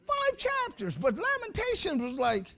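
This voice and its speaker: A male pastor delivers an animated sermon in a very high, widely swinging voice, unhurried and creaky. He speaks to the congregation directly, like a friend, blending humor with sudden shouted peaks in a loose, conversational church style.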